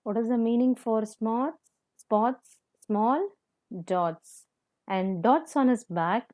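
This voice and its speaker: A woman teacher, explaining a children's poem slowly and patiently, repeating words and asking the class questions. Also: a little high, warm tone, muffled recording. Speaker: primary school teacher.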